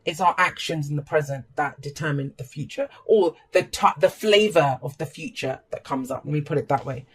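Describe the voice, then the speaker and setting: Casual tarot reading, blunt and emphatic, swears freely, mid-pitched voice. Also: moderate pace, few pauses, a little hiss or hum. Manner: warm pep talk to viewers. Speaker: tarot reader.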